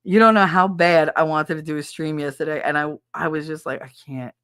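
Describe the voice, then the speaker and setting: A woman with a lowish voice chats loosely with her live-stream viewers, blunt and crude and quick to laugh. Her voice sits close and dry on the mic, with no room around it. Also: steady tone, a bit bright, smooth, no echo. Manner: candid, crude and giggly, chatting to viewers. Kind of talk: casual live-stream chat.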